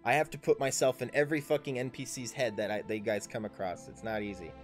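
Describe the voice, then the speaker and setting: A man's voice: medium pitch, steady tone, fast, faint music behind. A man running a tabletop game as dungeon master on a livestream, coaching his players in an instructive way.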